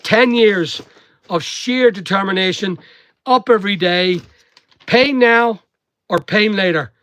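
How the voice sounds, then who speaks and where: An online seller and vlogger from Northern Ireland, this man has an accent that's half English, half Northern Irish. His voice sits high and a bit bright, and he talks slowly with no echo as he packs orders, chatting casually and motivationally.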